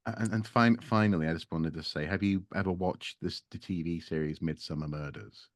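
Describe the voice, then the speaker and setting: A guest archaeologist with a deep voice chats casually, speaking a little fast, joking dryly, often trailing off and restarting hesitantly. The recording is dry.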